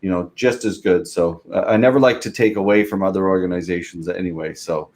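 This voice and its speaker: A man hosting a casual interview podcast, upbeat and encouraging, talking quickly. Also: deep voice, steady tone, darkish tone. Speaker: podcast host.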